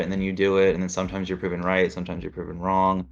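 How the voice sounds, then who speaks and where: A man's voice: low-pitched, completely flat delivery, rapid-fire, creaky. A man chatting casually, rambling and acting out inner voices as he explains. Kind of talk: casual chat. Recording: dull lo-fi sound with faint music.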